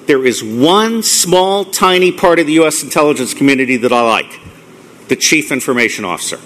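A middle-aged man giving a live lecture to an audience, blunt and profane, ranting excitedly. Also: on the high side. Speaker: conference speaker.

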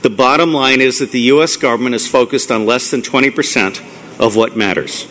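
A middle-aged man giving a live lecture to an audience, blunt and profane, ranting excitedly. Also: mid-range voice, a little fast, slight background noise. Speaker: conference speaker.

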